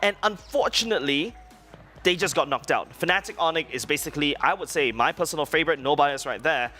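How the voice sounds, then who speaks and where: A man's voice: fairly high pitch, fairly quick, pushed and bright, soft background music. A man guesting as an esports analyst, explaining history with eager, rambling energy.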